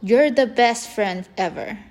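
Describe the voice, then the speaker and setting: A woman's voice: fairly high pitch, slow pace, darkish tone. Woman voicing a small eager frog. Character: small excited young male frog.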